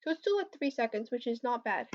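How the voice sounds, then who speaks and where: A woman's voice: a little high, very animated, fast. A young woman answering viewer questions about competitive programming on a casual livestream, hesitant with lots of fillers. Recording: slightly dull lo-fi stream audio.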